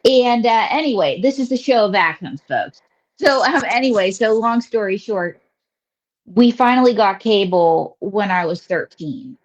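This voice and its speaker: A woman with a Western Pennsylvania accent chats as a comedian guest, looping through long stories with fillers and side jokes. Her voice sits at a middle pitch for a woman. The recording sounds slightly dull and lo-fi. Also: expressive, a little slow. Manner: chatty storyteller, rambling with many fillers and asides. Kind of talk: casual interview chat.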